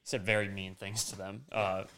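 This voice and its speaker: A man's voice: on the low side, level tone, brisk, a bit bright, slight background noise. A young man in casual podcast chat, telling a long story and acting out the quoted lines with sudden jumps in his voice. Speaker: podcast host.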